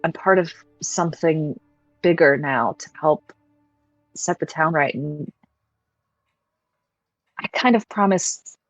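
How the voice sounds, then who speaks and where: Woman playing an earnest, halting young archer. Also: low-pitched, lo-fi sound.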